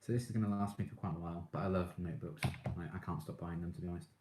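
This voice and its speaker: A man's voice: low voice, fairly even intonation, rapid-fire, reverberant, background noise. A man chatting casually on a live stream, reading out viewer comments and gushing about his favourite shows with frequent laughs.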